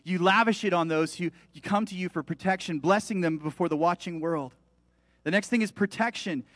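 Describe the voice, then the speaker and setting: High-voiced man preaching a sermon. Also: fairly quick, a bit bright, no room sound. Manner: emphatic preaching, rising and falling in volume. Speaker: pastor.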